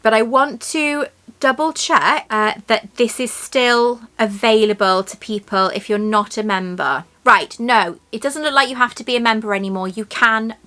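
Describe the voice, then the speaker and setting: A woman's voice: a little high, normal speed, pushed and bright. An English woman chatting casually as she unboxes a tea set, rambling and gasping with delight. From England.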